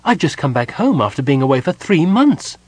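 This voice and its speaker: A man voicing a tired, sharp-tongued middle-aged woman who speaks curtly in an audiobook. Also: mid-range voice, sing-song, moderate pace, breathy edge, dry recording, voice pushed up. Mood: demanding. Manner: curt, demanding.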